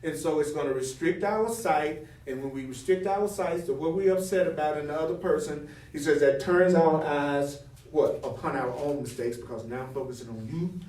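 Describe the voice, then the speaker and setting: A man's voice: a little high, normal speed, hardly any pauses, recorded from a distance. A man teaching from a spiritual text, reading passages aloud and then explaining them with rhetorical questions and acted-out examples. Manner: animated, acts out example dialogue. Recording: roomy, from the mic.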